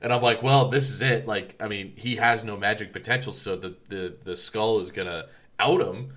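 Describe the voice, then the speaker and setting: A man's voice: on the low side, steady tone, normal speed, sharp tone. A man co-hosting a podcast in casual chat, rambling with many fillers and restarts. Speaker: podcast co-host.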